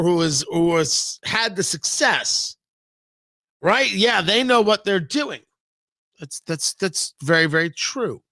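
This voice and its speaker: A man with a high, sharp, forceful voice delivers a sarcastic opinion monologue as a radio talk host. He sounds mocking and emphatic, and the studio sound is dry and close with no room echo. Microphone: studio microphone, live-streamed show.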